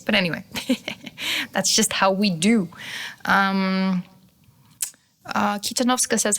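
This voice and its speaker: A woman's voice: medium pitch, moderate pace, creaky, pauses often. Chatty young woman livestream host. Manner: chatty, laughs often, swears casually, animated quoted voices. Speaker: podcast host and skincare business owner. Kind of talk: casual livestream chat.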